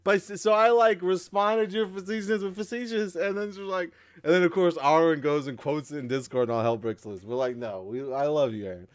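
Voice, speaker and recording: A man co-hosting a casual gaming podcast, animated and laughing, often tripping over his words. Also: high-pitched, fairly quick, few pauses, clear, resonant tone. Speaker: podcast co-host. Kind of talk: casual chat.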